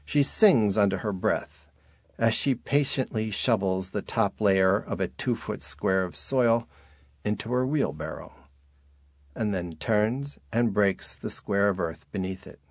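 A man reads an audiobook slowly and deliberately in a low voice. His first-person telling is dry and wry. The recording is close and dead, with no room around the voice. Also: no room sound. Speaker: narrator. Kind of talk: audiobook narration.

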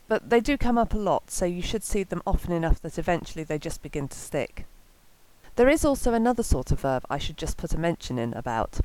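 Measured woman teaching a lesson. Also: fairly low pitch, darkish tone, no room sound, rough recording. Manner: clear, measured, slows to pronounce example words. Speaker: language teacher. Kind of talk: scripted podcast lesson.

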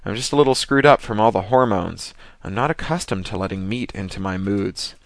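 A man voicing a shaken woman scuba diver who talks bluntly and warily, raising his pitch for her. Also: lively intonation, fairly quick, vocal fry, dry recording. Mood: wary.

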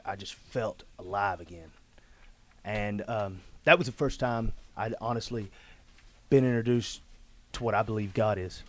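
A man telling a personal story in casual, rough-spoken talk, often saying "man" and "dude". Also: fairly low pitch, a little hiss or hum. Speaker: guest telling his story.

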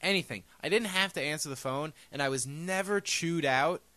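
A man's voice: fairly high pitch, moderate pace, pushed and bright, dry recording. A young man co-hosting a casual chat show, telling rambling joking stories. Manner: rambling, jokey storyteller. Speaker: podcast co-host. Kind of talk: casual banter.

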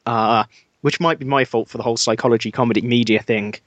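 A man's voice: medium pitch, steady tone, quick pace, dry recording, lo-fi sound. Midlands-accented man, dry podcast host. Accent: English Midlands. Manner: dry, self-mocking humor with many fillers. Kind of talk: casual podcast chat.

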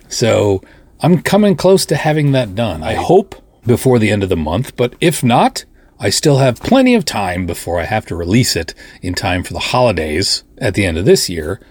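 Male podcast host, middle-aged, low husky voice, dry close sound, joking and self-deprecating. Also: no room sound. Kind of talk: casual monologue.

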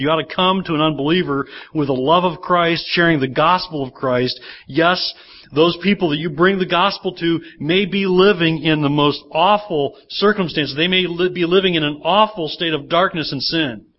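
Guy preaching a sermon, keeps asking the room questions, voice a bit high, muffled old church tape sound. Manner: asks the congregation frequent rhetorical questions. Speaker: pastor. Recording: dull lo-fi church sermon recording.

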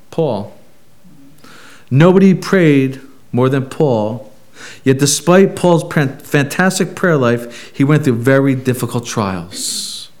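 Emphatic preacher with a higher voice. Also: male voice, a little mellow. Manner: emphatic, with rhetorical questions. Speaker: pastor. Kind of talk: sermon.

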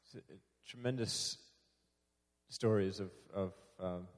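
A service leader guides a church sharing time in a low, unhurried voice, keeping it conversational, joking at his own expense and laughing frequently. The hall gives the sound an echo.

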